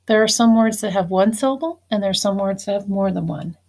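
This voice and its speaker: A woman teacher speaks to students in a recorded phonics lesson, with a voice of ordinary pitch. She dictates phrases slowly and deliberately, then walks through how to mark each syllable. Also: darkish tone.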